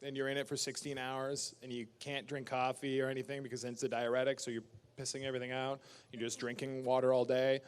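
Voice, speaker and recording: A man's voice: mid-range voice, fast talker, clean tone. A man, an actor guest at a fan convention panel, answering questions in a casual, emphatic way with laughs. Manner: emphatic, animated ranting with laughs.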